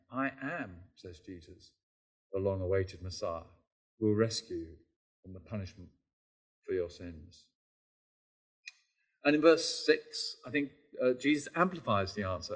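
A man preaching a sermon in a conversational, emphatic way, repeating key phrases and asking tag questions. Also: medium pitch.

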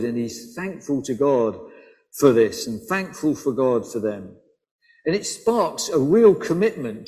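A man's voice: on the high side, dark tone, in a large hall, rough recording. A man delivering a sermon in a conversational preaching style, often asking his listeners rhetorical questions. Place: church.

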